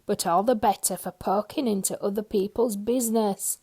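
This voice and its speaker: A woman voicing a nosy male storybook busybody who speaks loudly and slowly. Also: mid-range voice, fairly even intonation, husky, lightly acted. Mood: prying.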